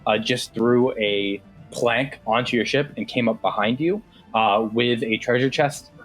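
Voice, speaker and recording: A man's voice: mid-range voice, unhurried, a bit bright, faint music behind. A man narrating a tabletop game as game master, casual, with many fillers.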